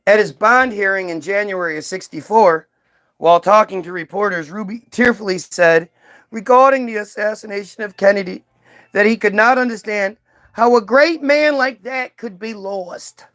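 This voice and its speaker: Brief: male commentator, high voice, worked-up profane rant with stammered repeats, dry untreated sound. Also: moderate pace, fairly bright tone, no room sound. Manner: ranting, profane, repeats words when worked up. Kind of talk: heated commentary while reading aloud.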